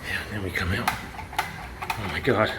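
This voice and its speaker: Heavy background noise surrounds this middle-aged vlogger, who speaks at normal speed in a lowish voice. Excitable and chatty, he relates a story to camera with mild swearing and chuckles.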